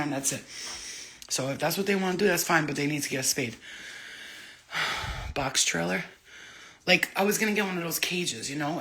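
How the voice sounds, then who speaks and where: A woman chatting casually into her phone camera for a vlog, excitable and rambling, swearing freely as she goes. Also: low-pitched. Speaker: vlogger.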